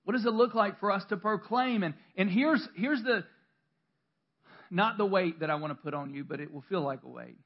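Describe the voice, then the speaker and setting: A man's voice: high-pitched, normal speed, dull audio. A male pastor preaching a sermon in a church, talking conversationally with self-deprecating stories, restarts and laughter.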